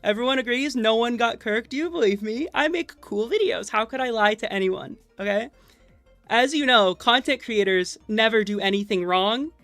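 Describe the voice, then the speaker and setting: A woman's voice: a little high, expressive, normal speed, a bit bright, no room sound. A nervous woman streamer chatting casually to her viewers at her computer mic, rambling and joking at her own expense. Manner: rambling, playful and self-mocking, with many fillers and restarts. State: nervous, with stage fright. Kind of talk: casual live-stream chat. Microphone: desk microphone at a computer. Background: faint game music.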